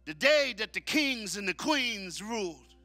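A man preaching a sermon at a men's conference, shouting call-and-response lines and dropping into low, quick asides. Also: expressive, faint music behind. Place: church hall at a men's conference.

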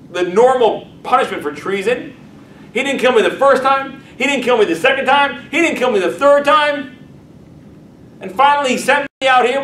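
Casting note: high, strained young crown prince, pleading and shouting as a rabbi puts him on, echoey distant recording. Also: male voice. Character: young rebellious crown prince, desperate then remorseful. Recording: echoey room, distant mic, noisy.

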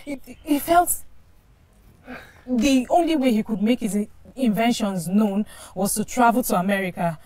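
Woman acting Nigerian young woman, apologetic, pleading, higher voice. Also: measured pace, a little mellow, lightly acted. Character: young woman torn between two men, anxious. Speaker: girlfriend. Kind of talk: Nollywood film acting.

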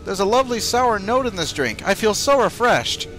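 A sweet, gushing bar patron from a space game, read out by a man. The voice sits a little higher than usual and swoops with lively pitch as it savors every sip. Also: moderate pace, soft background music. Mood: delighted. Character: pleased alien bar patron, gushing about drinks.

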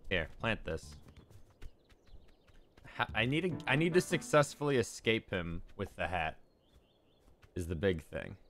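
A man's voice: lowish voice, measured pace, pauses often. Swearing young man streaming a game. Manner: swearing, animated storytelling. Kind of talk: casual gameplay commentary.

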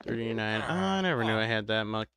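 A man live-streaming a game, chatting casually with viewers in a slow, drowsy, rambling way because he is tired. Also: lowish voice, expressive, a bit bright, clean tone. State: tired, medicated.

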